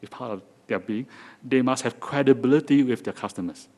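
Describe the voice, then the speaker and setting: A man's voice: medium pitch, a little fast, darkish tone. Man, Singaporean accent, joking lecture-hall talk, audience asides, restarts. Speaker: guest speaker.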